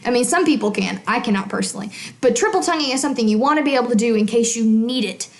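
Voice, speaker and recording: A woman's voice: fairly high pitch, fast talker, reverberant. A woman music teacher explaining in a casual, chatty way, often checking in with the listener. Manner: chatty, checks in with frequent "okay?". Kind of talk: casual instruction.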